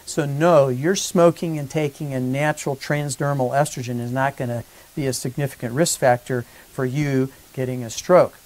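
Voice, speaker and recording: Casting note: chatty male physician explaining treatment, middle-pitched, lively retellings. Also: normal speed, low-quality recording. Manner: conversational, animated when acting out exchanges. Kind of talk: educational talk to patients.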